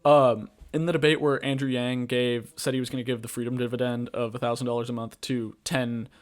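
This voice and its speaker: A man's voice: mid-range voice, level tone, fairly quick. A man hosting a podcast, ranting casually about politics in a rambling, blunt way, full of filler words and swearing. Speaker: podcast host.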